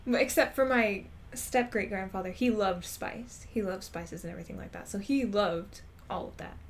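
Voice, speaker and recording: A woman's voice: medium pitch, normal speed, a little hiss or hum. A woman streamer chatting casually while gaming, rambling and laughing often. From Texas.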